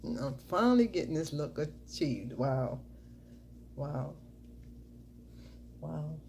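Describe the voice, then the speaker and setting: Middle-aged woman vlogger, deep mellow voice, chatty and upbeat, recorded on a camera mic with faint hiss. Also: big pitch swings, slow, gravelly. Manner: chatty, repeats catchphrases and cheers herself on. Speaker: makeup vlogger. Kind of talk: casual makeup tutorial chat.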